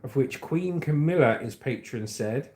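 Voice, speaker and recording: A man's voice: medium pitch, expressive, unhurried, mellow. A man hosting a casual livestream, chatting in a rambling way and reading out viewer comments. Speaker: livestream host.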